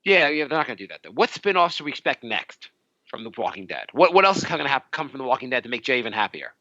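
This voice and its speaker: A man's voice: mid-range voice, very animated, quick pace, bright, forceful tone, no echo. A man co-hosting a podcast, teasing and joking with casual profanity. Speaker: podcast co-host. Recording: dry, slightly dull audio.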